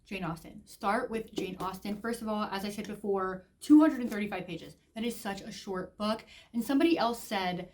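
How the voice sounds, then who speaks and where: Woman vlogger, enthusiastic, talkative book chat in an everyday mid-pitched voice. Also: moderate pace, hardly any pauses, a little mellow, slight background noise. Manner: gushing, chatty, heavy use of "like". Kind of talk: casual book review vlog.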